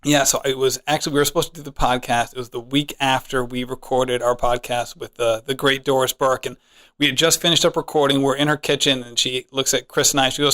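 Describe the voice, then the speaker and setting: A man's voice: medium pitch, flat delivery, fairly quick, a bit bright. Friendly male college podcast host. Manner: friendly, conversational, with fillers and restarts. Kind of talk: podcast interview.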